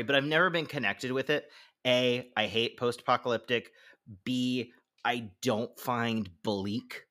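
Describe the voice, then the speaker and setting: A man's voice: mid-range voice, bright, forceful tone. A man co-hosting a podcast, chatting casually, often laughing and using many fillers. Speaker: podcast co-host. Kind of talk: casual chat.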